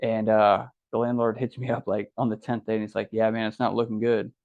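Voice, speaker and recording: His voice sits on the low side and moves fairly quickly: a young adult man from Ohio, appearing as a podcast guest, casually tells his story. He animatedly plays out what others said over dull, lo-fi audio.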